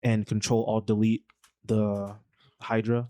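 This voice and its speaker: A male podcast host retells a film's plot in loose, slangy, rambling storytelling. His voice sits low and flat, and the recording is dry and close to the mic. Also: takes it slowly, dry recording. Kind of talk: casual movie recap.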